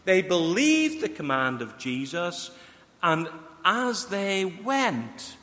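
A man's voice: high-pitched, big pitch swings, takes it slowly, pushed and bright. A man preaching a sermon, earnestly putting questions straight to his listeners. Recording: long hall reverb.

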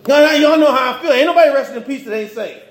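A male pastor delivering a casual, humorous sermon full of slang, swinging between loud bursts and quiet asides. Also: very high voice, rapid-fire, reverberant. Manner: informal preaching with slang and humor, rising and dropping in intensity.

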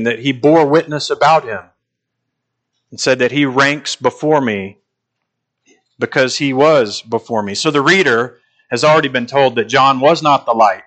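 A man preaching an expository sermon, emphatic and slowing down to stress key phrases. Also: mid-range voice, fairly bright tone.

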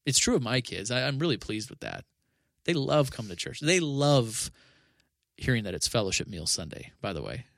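Male pastor, podcast chat, gravelly voice, dry close sound, earnest, stop-start phrasing. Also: medium pitch, very animated, moderate pace, no echo. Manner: earnest, with frequent restarts and 'you know'. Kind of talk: casual podcast conversation.

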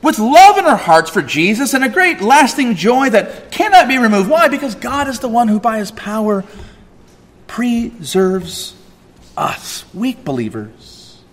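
A man preaching a sermon, swinging from loud emphatic peaks to soft quiet asides. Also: very high voice, very animated, unhurried, big-room sound. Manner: frequent fillers and restarts in asides. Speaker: pastor.

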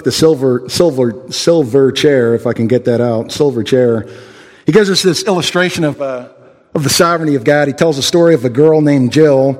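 A man preaching a sermon and leading prayer in an earnest way, often restarting his words and using fillers. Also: on the high side. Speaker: pastor. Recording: long hall reverb.

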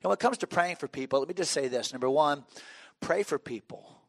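A man's voice: on the high side, animated, brisk, gravelly, dry recording. A middle-aged man preaching a sermon as a pastor, telling stories with humor and frequent restarts. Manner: conversational, humorous storytelling with restarts.

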